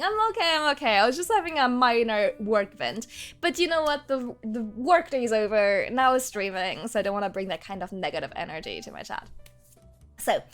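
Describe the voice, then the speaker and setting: A woman's voice: high voice, a bit bright. A woman streamer chatting casually with her viewers, laughing often and rambling with restarts.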